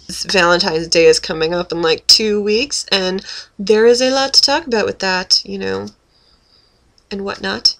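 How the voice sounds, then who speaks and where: A young woman rambling in a halting, self-deprecating way as she vlogs casually. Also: medium pitch, creaky, fairly bright tone. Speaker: vlogger.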